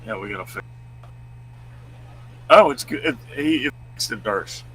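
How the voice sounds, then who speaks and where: A man co-hosting a live stream, chatting casually and reading out news stories in a loud, booming voice. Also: lively intonation, normal speed, husky, poor audio. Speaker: co-host.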